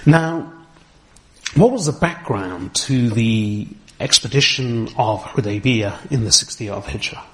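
A man's voice: medium pitch, animated, unhurried. Man teaching step by step. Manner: explains step by step, repeating key terms; recites Arabic verses fluently. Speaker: Islamic teacher. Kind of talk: religious lecture.

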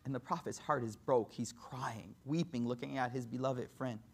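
A male preacher telling a story in a sermon, moving from impassioned, raised passages to hushed, tender ones. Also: medium pitch, normal speed. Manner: emotive, swings between impassioned and hushed.

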